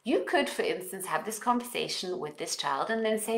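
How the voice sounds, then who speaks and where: A woman with a non-native English accent leads a self-help lesson on parenting. She coaches listeners through exercises with a lively, rising and falling voice. The room around her rings with echo. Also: medium pitch, a little fast, few pauses. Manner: expressive, coaching, with call-and-repeat affirmations.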